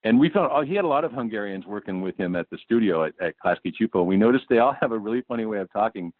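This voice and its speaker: A man's voice: lowish voice, expressive, rapid-fire, no echo. A man being interviewed who rambles casually and swears freely. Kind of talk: oral-history interview recollection. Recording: dry, tinny phone line.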